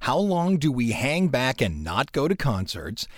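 A man's voice: medium pitch, sing-song, unhurried, no echo, clean studio sound. A middle-aged man hosting a radio show, chatting casually and telling stories with sound effects and mock indignation. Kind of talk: casual on-air chat.

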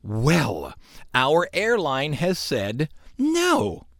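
A middle-aged radio host with a fairly high, very animated voice speaks at a normal speed in a dry, clean studio recording. He chats casually on air, telling stories with sound effects and mock indignation.

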